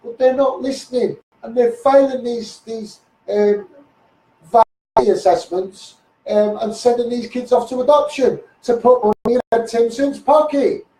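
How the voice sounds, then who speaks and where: A man's voice: extremely high pitch, normal speed, mellow, roomy sound, distant mic, poor audio. A man with a Scouse accent ranting heatedly into a live stream, repeating himself and swearing often. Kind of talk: impassioned Facebook live rant.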